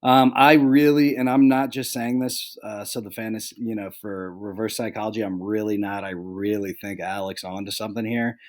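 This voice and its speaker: A man's voice: fairly low pitch, flat delivery, moderate pace, hardly any pauses, a little mellow. A young adult man hosting a casual fantasy football recap, rambling with lots of "like" and "um" and joking about his friends. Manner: rambling, full of "like" and "um"; jokey, handing out mock penalties to friends.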